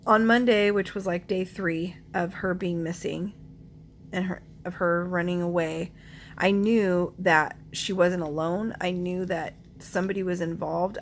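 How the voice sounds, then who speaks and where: Woman, forties, earnest storytelling, low voice, stops to find words, throat-clearing. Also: a little hiss or hum. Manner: earnest and emotional, often pausing to search for words; clears her throat now and then. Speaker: mother telling her family's story. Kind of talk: personal storytelling to camera.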